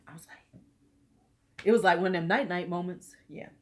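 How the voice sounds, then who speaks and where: A middle-aged woman chatting on a live stream in a slightly low voice. She is loose, bawdy and quick to tease her viewers. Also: steady tone, slight background noise. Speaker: host of a live beauty chat.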